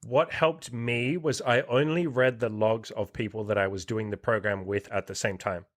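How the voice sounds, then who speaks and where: A man's voice: lowish voice, steady tone, normal speed. A man hosting a podcast interview, talking bluntly in a casual, profanity-heavy way and pushing listeners to take action. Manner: blunt, heavy swearing, pep-talk energy. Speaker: podcast host and dating coach.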